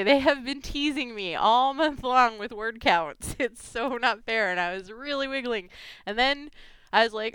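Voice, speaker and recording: Woman, giggly and gushing, unhurried delivery, smooth voice, dry close sound. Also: on the high side, expressive, fairly bright tone, dry recording. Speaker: fan fiction vlogger. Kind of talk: casual chat reading gifts.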